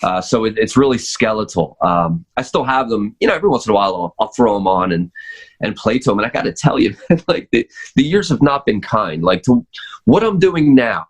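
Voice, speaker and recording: A man with a fairly low voice talks casually as a podcast guest about drumming. He rambles, restarting sentences and filling pauses with ums and uhs. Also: big pitch swings, breathy edge. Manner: rambling, many fillers and restarts. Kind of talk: casual chat.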